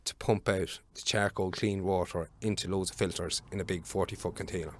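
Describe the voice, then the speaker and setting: A man in his thirties from Ireland, speaking with an Irish accent, guests on a podcast and casually tells a long work story, rambling with plenty of fillers and swearing freely. His low voice is fairly quick and fairly even in intonation, with slight background noise.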